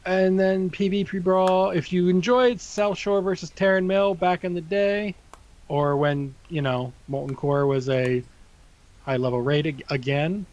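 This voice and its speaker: A man's voice: a little high, darkish tone, dull audio. A man co-hosting a gaming podcast, casually running through an event list with loose asides. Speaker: podcast co-host.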